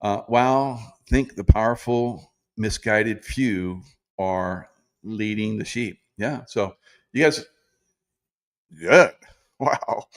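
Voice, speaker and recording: A man in his sixties with a fairly low voice hosts a loose livestream. He rambles from point to point, laughs often and slips into mocking impressions. He stops now and then to read viewer comments aloud. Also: slow. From South Carolina. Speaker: livestream host. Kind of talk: casual political commentary, reading chat comments.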